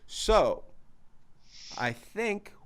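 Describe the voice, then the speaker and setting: A man's voice: high-pitched, sing-song, extremely slow. A man hosting a casual comedy podcast with a Canadian accent, rambling, restarting his sentences and laughing often. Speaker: podcast host.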